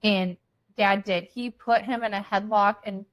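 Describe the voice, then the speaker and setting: A young adult woman co-hosting a podcast, telling a wild story in casual chat, blunt and animated, swearing freely. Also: medium pitch, unhurried. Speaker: podcast co-host.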